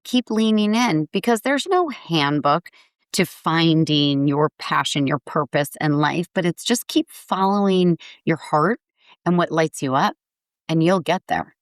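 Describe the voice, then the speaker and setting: Woman in her forties, podcast guest, upbeat and earnest, lowish voice, dry close sound. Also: measured pace, no echo. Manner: upbeat, earnest, acts out quotes brightly. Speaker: guest, foundation founder. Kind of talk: podcast interview.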